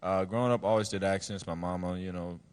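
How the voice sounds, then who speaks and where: A man with a low, deep voice and a West Indian accent speaks on a convention panel. He rambles loosely, trailing off into fillers and restarts. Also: fairly even intonation, fast talker, smooth. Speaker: panel guest actor. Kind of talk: casual panel chat.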